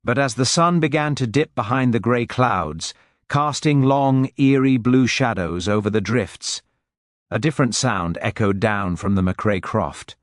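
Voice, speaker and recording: A man reading a mystery story aloud in steady, scripted narration. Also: mid-range voice, unhurried, no echo, studio quality.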